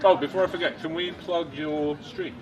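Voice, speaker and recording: A man's voice: on the high side, fairly even intonation, normal speed, distant mic, a crowd in the background, low-quality recording. A man chatting casually in an upbeat, jokey way. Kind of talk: casual chat.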